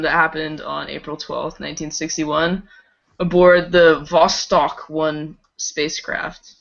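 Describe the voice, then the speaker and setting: A woman's voice: low voice, creaky, a bit bright. A woman co-hosting a casual live-streamed chat, giggling as she shares fun facts. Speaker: podcast co-host. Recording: dull lo-fi stream audio.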